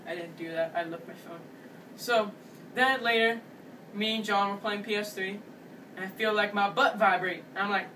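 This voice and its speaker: A man's voice: sits high, normal speed, distant mic, a little hiss or hum, rough recording. A young man vlogging, telling a story animatedly and acting out what everyone said. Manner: animated, quotes people in character. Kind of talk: storytelling vlog.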